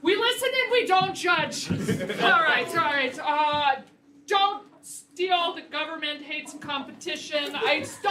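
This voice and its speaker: A woman performing an improvised comedy scene with a drawn-out, pleading delivery. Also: sits high. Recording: echoey stage, mic far off, noisy.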